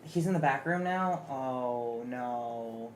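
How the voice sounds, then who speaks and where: A man's voice: mid-range voice, takes it slowly, a little hiss or hum. A man chatting casually at home, rambling and unsure, often restarting his sentences. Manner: rambling, hesitant, nervous restarts. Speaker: streamer's partner and guest artist. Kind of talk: casual chat.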